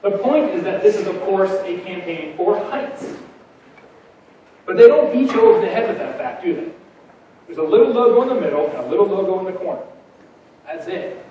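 Hombre enérgico en un salón con mucho eco. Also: male voice, sits high, brisk, pauses often, heavy reverb, recorded from a distance, lo-fi sound, crowd noise. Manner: energetic, punchy, rhetorical questions. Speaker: keynote speaker. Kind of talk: conference keynote. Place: large conference hall.

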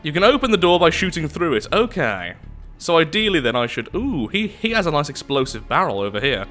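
A man's voice: a little high, sing-song, a little fast, pushed and bright, faint music behind. A man giving casual, jokey let's-play commentary, reading on-screen text aloud and exclaiming. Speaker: gameplay commentator.

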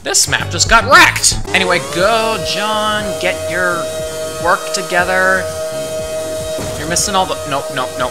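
A woman commentating on a game she is playing, playful and excitable, talking to the characters on screen. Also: lowish voice, a little slow. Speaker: gaming channel host. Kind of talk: let's play commentary. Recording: music playing under voice. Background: background music.

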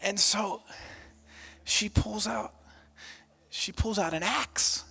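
Pastor in his thirties, lively storytelling sermon, fairly high male voice, shouts out the quoted lines. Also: takes it slowly, gravelly, breathy edge. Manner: animated, self-deprecating, acts out quotes loudly.

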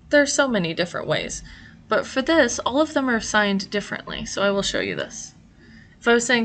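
A woman's voice: medium pitch, very animated, moderate pace, creaky, fairly bright tone. A woman teaching a sign language class, explaining each sign patiently and step by step. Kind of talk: instructional explanation.

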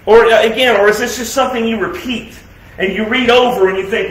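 Pastor, male, high-pitched, emphatic sermon delivery; loud proclamations that drop to hushed asides. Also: fairly even intonation, brisk. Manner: emphatic preaching with rhetorical questions; swings between loud declarations and quiet, soft asides. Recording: echoey room sound.

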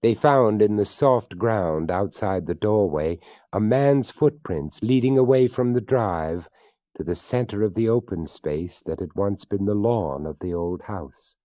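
Man reading a spooky story, voice swoops all over, dark and dry. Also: on the low side, expressive, dry recording. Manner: theatrical, slowing and hushing for suspense. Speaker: narrator.

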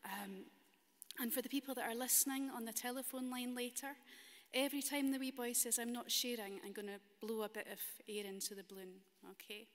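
A Scottish woman minister telling a children's story in a church service in a gentle, playful way. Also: a little high, a little fast. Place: large stone cathedral. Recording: long cathedral reverb.

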